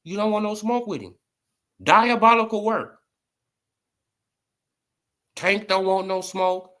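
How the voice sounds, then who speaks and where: A man's voice: high voice, slow pace, pushed and bright. A man rants about boxing in casual vlog commentary. He repeats himself for emphasis and leans on slang.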